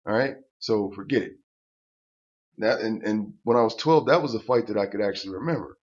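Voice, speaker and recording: A man's voice: lowish voice, brisk, lo-fi sound. Older man ranting with profane restarts. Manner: blunt, profane, stammering restarts. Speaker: vlogger telling a personal story. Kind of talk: casual profane storytelling rant.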